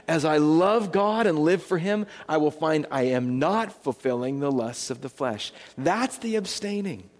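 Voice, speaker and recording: A man's voice: a little high, darkish tone. A male pastor preaching a sermon, emphatic, with his voice swinging between rising and falling. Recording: long hall reverb.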